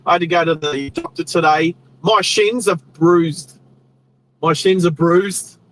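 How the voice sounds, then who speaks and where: An Australian man hosting a show, telling a rambling, animated story with restarts while he drives his car. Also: on the high side, measured pace, a little hiss or hum, rough recording. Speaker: host. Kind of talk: casual storytelling while driving. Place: inside a car on the road.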